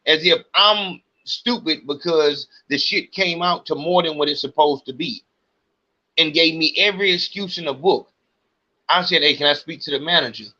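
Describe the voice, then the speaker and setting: A man hosting his podcast, ranting with heated, profane agitation. His voice sits a bit high and carries a forceful, tense edge. The recording sounds dull and lo-fi. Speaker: podcast host. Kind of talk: ranting monologue.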